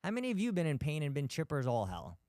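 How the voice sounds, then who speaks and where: Man, talk host, blunt, rhetorical questions, smooth resonant voice, dry recording. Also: a little high, wildly swooping pitch, rapid-fire, a little mellow, no room sound. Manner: blunt, emphatic, rhetorical questions, mild swearing. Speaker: podcast host, physical therapist. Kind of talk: animated talk to practice owners.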